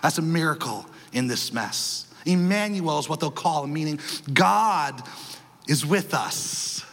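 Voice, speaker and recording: Pastor, man, thirties, high bright preaching voice, animated and playful, church hall reverb. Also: unhurried. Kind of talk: sermon. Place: large church hall with congregation.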